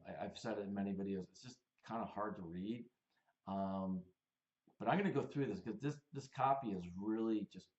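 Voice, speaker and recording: A man's voice: fairly low pitch, darkish tone, reverberant, muffled recording. A man reviewing sales copy in a casual, blunt way, talking through it with many fillers and restarts. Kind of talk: casual screen-share critique.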